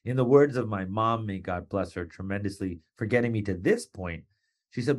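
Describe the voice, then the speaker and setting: Guy hosting a motivational podcast, lively and playful, jumps into little character voices. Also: moderate pace. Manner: animated, playful, with wrestling and pop-culture asides; acts out quoted voices with sudden pitch jumps. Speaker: podcast host.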